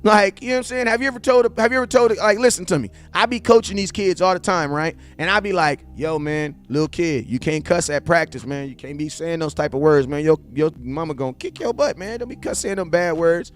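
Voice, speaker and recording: A man's voice: fairly high pitch, fast, hardly any pauses, soft background music. A man hosting a casual sports livestream with a loose, rambling, slangy way of talking. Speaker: sports vlog host.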